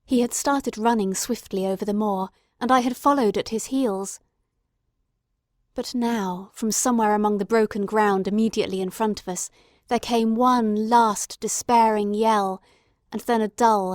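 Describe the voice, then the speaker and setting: A woman reading a classic novel aloud as an audiobook narrator, in a measured, dramatic storytelling manner. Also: medium pitch, a little mellow, no room sound, clean studio sound. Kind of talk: scripted narration.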